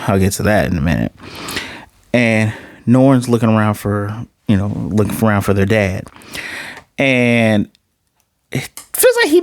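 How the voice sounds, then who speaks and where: A man's voice: on the low side, no room sound, studio quality. A man casually recapping and reviewing an anime episode, rambling, correcting himself as he goes, blunt and sometimes profane.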